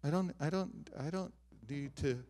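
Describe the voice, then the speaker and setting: A middle-aged man preaching a sermon as pastor, swinging from loud emphatic declarations to soft, quiet asides. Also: a little high, measured pace. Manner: animated preaching, rising loud on emphatic lines, dropping soft on personal asides. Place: church sanctuary.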